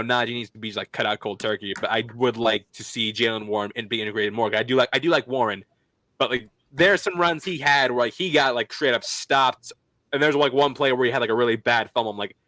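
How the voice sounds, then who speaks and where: Bright-voiced young man hosting a sports podcast. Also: mid-range voice, no echo. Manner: rambling, many "like"s and restarts. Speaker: podcast host. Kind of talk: casual sports chat.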